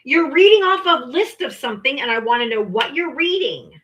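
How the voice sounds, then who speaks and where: A woman runs a heated live political debate stream. Her voice is bright and high-set, and it swings widely in pitch. She argues hard and mocks her opponents as she talks over them. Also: lively intonation, normal speed. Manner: combative, talks over others, mocking. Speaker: livestream debate host.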